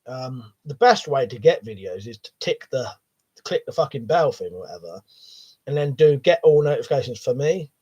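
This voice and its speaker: A man's voice: medium pitch, lively intonation, moderate pace, darkish tone, husky. A man hosting a live stream, reading viewer comments aloud and chatting back casually with plenty of swearing. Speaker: livestream host. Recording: dull lo-fi stream audio.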